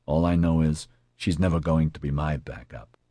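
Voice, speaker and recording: Guy reading a level-headed squad leader, calm, deep and husky. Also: no echo, clean studio sound. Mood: steady. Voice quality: calm, measured.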